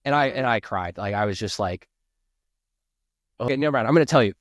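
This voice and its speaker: A man's voice: fairly low pitch, brisk, dry recording, studio quality. A man speaking as a podcast guest, rambling earnestly and filling his sentences with "like". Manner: rambling, earnest, heavy use of "like", restarts. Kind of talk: podcast interview.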